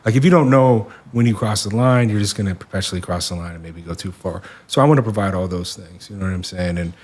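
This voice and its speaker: A man in his forties from the Seattle area, a podcast guest talking in a reflective, soft-spoken way with many fillers. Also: low voice, fast talker. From Seattle area, USA. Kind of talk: casual podcast conversation.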